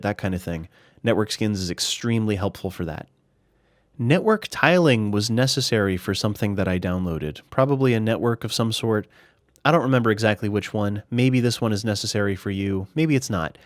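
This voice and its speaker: A gaming YouTuber with a lowish voice gives casual, screen-recorded tutorial commentary over a game, as if at his desk, sounding slightly out of breath. He's chatty and relaxed, restarting sentences and leaning on filler words. The recording is dry and close, with no room sound.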